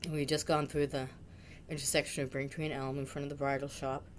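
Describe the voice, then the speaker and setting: A woman's voice: low voice, flat delivery, quick pace, a little hiss or hum. A middle-aged woman from Massachusetts telling a funny memory about a friend, with dramatic, jokey exaggeration. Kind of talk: storytelling tribute.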